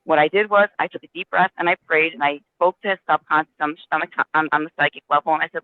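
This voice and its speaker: A man's voice: a little high, fast, few pauses, no room sound. A man earnestly telling a personal story in a casual spiritual discussion, with many restarts. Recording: dry, tinny phone line.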